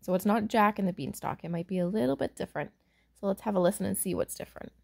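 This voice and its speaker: A woman reading a picture book aloud for children, pausing to explain words and point out pictures. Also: mid-range voice, gravelly. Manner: warm, explaining asides to young listeners. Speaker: storyteller.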